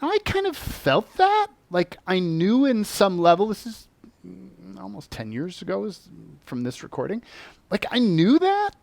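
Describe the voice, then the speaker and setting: A man who teaches on spiritual topics, telling a personal story in an animated way and acting out the voices he quotes. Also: high voice, a little slow, creaky, no room sound.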